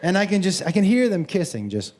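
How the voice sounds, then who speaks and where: A man performing a stand-up comedy set, telling an animated story and acting out the people in it. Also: high voice, a little fast, slight background noise.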